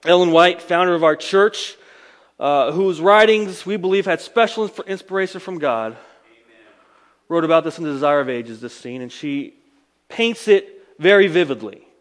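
A male preacher delivers a sermon in a somewhat higher voice. He retells the story dramatically, surging loud and then falling almost to a whisper. His voice carries a long reverb, as in a church hall. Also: lively intonation, normal speed. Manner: dramatic storytelling, swings between loud emphasis and hushed lines. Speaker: pastor.

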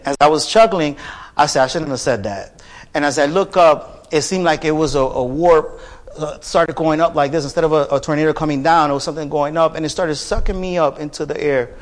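High-voiced man preaching a sermon. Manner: builds from soft storytelling to raised, fervent preaching. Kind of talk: sermon with personal testimony.

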